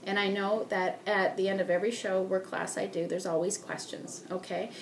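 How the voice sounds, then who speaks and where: A woman giving a sales training talk as a beauty consultant, animated, acting out customers and ending lines with "okay?". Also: medium pitch, normal speed, gravelly, a little hiss or hum.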